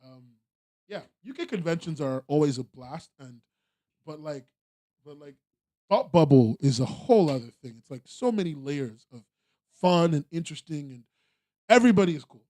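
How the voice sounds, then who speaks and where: A young American man with a mellow, slightly high voice hosts a casual podcast. He rambles easily, trailing off and starting sentences over. His tone stays relaxed and unpolished. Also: normal speed. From United States. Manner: rambling, laid-back, frequent fillers and restarts. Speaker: podcast host. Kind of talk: casual chat.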